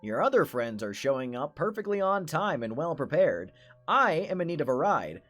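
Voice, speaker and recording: A man's voice: fairly high pitch, very animated, normal speed, fairly bright tone. A man voicing a sinister, overly polite bookseller entity that speaks formally and menacingly. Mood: unctuous.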